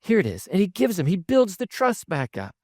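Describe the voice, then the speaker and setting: A man's voice: high voice, wildly swooping pitch, brisk, a little mellow, dry recording, clean studio sound. A man preaching a sermon as a pastor, telling the stories in a conversational way with asides. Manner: conversational storytelling with asides and chuckles.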